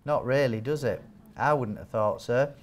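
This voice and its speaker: A man's voice: mid-range voice, moderate pace. A man giving a training talk to nurses as a wound care trainer, chatty and joking, quizzing the audience. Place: training hall with a live audience.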